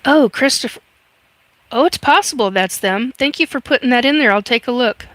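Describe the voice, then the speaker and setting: A woman's voice: on the high side, lively intonation, a little fast, fairly bright tone. A woman in her fifties hosting a casual livestream, chatty and reading viewer comments aloud with many fillers. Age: 50s. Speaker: livestream host reading chat. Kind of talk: casual live chat.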